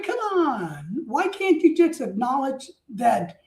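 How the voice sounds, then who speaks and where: A talkative man with a high, very lively voice that swoops up and down as he rambles through stories. He drifts off topic and bursts into mock outrage. The sound is roomy and echoey. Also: slow pace. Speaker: streamer. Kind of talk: rambling casual storytelling. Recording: roomy echo.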